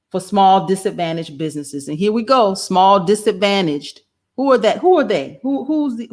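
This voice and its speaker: An impassioned woman streams live political commentary, reading out the news and breaking off to talk straight to her audience. Her voice sits at a middle pitch, and she speaks. She calls her viewers family throughout. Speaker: host and political candidate.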